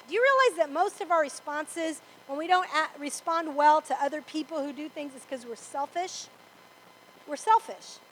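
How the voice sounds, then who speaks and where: A woman's voice: sits high, a bit bright, rough recording. A woman preaching to a congregation, emphatic and repetitive, often asking "Amen?". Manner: emphatic, repeats for stress, asks the congregation "Amen?". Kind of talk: sermon. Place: church before a congregation.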